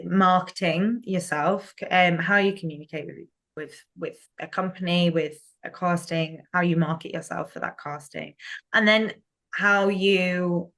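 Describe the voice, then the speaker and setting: A woman's voice: lowish voice, a bit bright. A woman guest in a casual interview, chatty, with frequent laughs and many fillers and restarts. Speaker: guest, business owner.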